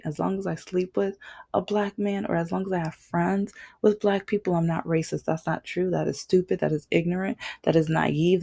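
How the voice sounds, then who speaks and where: Woman vlogger, low and gravelly, mellow tone, talks off the cuff, blunt and emphatic. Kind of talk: unscripted ranting commentary.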